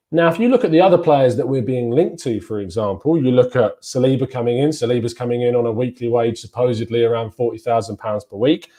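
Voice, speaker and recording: A man giving chatty, rambling football fan commentary as the host of a fan channel, stressing each name as he goes. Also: medium pitch. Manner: chatty, rambling, lively emphasis on names.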